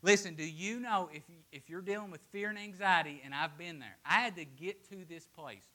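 A man preaching a sermon to a congregation, swinging between loud, emphatic declarations and hushed, quiet asides. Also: high-pitched, normal speed.

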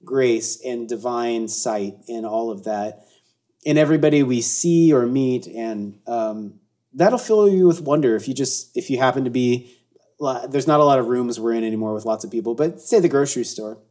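A man, a guest on an interview show, talking reflectively with many restarts and fillers, breaking into animated asides. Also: medium pitch, moderate pace. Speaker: guest, artist and speaker.

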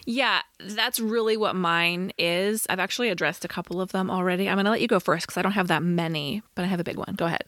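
A woman's voice: lowish voice, steady tone, fast, hardly any pauses, fairly bright tone, no room sound, studio quality. Wry woman podcast co-host. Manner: conversational, wry, laughs mid-sentence. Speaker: podcast co-host reviewing a TV movie. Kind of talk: casual chat.

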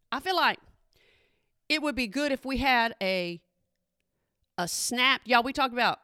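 A woman's voice: a little high, pushed and bright, dry recording, clean studio sound. A middle-aged woman, talking casually and playfully to her audience and asking them questions. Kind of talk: casual comedic talk to an audience.

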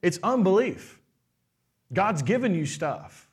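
High-voiced animated male preacher. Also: slow. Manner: animated preaching, acts out quoted voices, asks the crowd questions. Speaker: pastor. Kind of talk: sermon.

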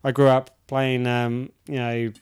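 A man's voice: medium pitch, flat delivery, unhurried, darkish tone, smooth. A man in his thirties ranting in casual chat, swearing freely and restarting his sentences.

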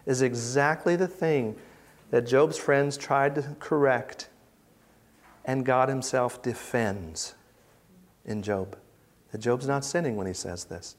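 A man giving an informal Bible teaching, conversational and reflective, with pauses and restarts as he reads verses aloud. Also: mid-range voice. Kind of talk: informal teaching talk with scripture readings.

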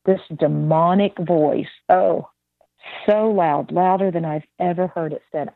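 A woman's voice: on the low side, steady tone, a little slow, vocal fry, no echo. A woman sharing a spoken testimony as a guest, telling her story vividly and acting out the voices of the people in it. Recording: dry tinny phone-like line.

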